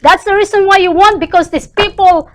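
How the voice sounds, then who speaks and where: Woman, high voice, indignant, passionate, repeats herself. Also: steady tone, a little fast. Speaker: talk show guest. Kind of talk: heated political opinion.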